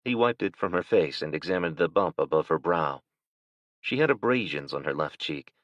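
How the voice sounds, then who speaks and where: Brief: very deep male narrator, steady and measured, dry lo-fi audio with a dull edge. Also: no room sound. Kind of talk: scripted narration.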